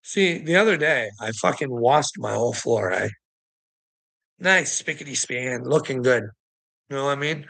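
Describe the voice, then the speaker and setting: A man's voice: mid-range voice, lively intonation, moderate pace, creaky, fairly bright tone, rough recording. A man holds forth in a casual livestream rant, his voice sitting in a plain middle register. He swears constantly and rambles from one grievance to the next, exasperated and talking straight at his viewers. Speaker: streamer ranting to viewers.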